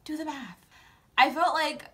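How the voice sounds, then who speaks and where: Sassy high-voiced young woman vlogger. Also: unhurried. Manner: sassy, animated, opinionated commentary. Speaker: vlogger recapping a TV show. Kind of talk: casual chat.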